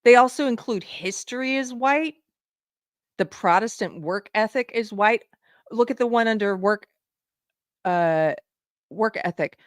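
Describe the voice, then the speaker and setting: A woman's voice: medium pitch, expressive, measured pace, long pauses, no room sound, studio quality. A woman hosting a live political commentary show, indignantly reading items off a list. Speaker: livestream show host.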